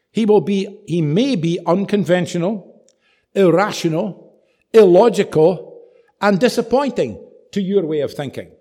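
A man preaching a sermon, telling stories with animated, dramatic emphasis. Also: high-pitched, a little slow.

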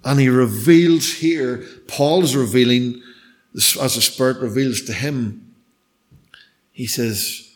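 Middle-aged male preacher, storytelling sermon, swings from emphatic to hushed. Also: mid-range voice, unhurried. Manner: storytelling, shifts between loud emphasis and hushed near-whispers.

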